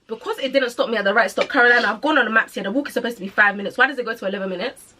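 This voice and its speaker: A British podcast host in her twenties tells her listeners a story in casual, chatty talk peppered with London slang. Her fairly high voice has a sharp tone, and she speaks in rapid-fire bursts.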